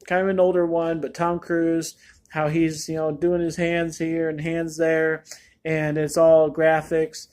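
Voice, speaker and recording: Male reviewer, somewhat high voice, off-the-cuff and rambling, lots of fillers. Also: completely flat delivery, a little slow, a little mellow. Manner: candid, rambling, with many fillers. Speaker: movie reviewer. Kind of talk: casual spoken review.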